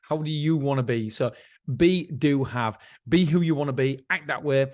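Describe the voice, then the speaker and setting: A man's voice: fairly high pitch, normal speed, darkish tone. A middle-aged man hosts his own podcast in a casual, rambling, self-mocking monologue, laughing often. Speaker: podcast host.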